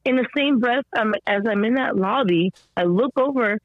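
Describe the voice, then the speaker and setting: A woman as a podcast guest tells her story in an animated, rambling way, full of fillers and restarts, and acts out the people she quotes. Her voice sounds slightly strained. The recording is dull and lo-fi with a dry, close sound. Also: fairly high pitch, normal speed, no room sound. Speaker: podcast guest, mother of an autistic son. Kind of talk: conversational storytelling interview.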